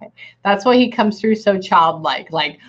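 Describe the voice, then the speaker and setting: A woman working as a psychic medium, reading for a sitter and relaying messages in halting bursts, often pausing to say hang on. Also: medium pitch, expressive, highs cut off.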